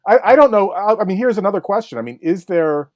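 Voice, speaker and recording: A man's voice: high voice, lively intonation, fast talker, no room sound, lo-fi sound. Hesitant man, dry close sound. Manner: thoughtful, hesitant, many fillers. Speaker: historian guest. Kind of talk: casual podcast discussion.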